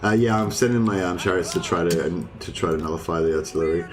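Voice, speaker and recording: A man's voice: deep voice, fast talker. A man chatting casually and thinking aloud with lots of ums while streaming a co-op strategy game. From Australia. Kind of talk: casual co-op gameplay commentary. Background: game music.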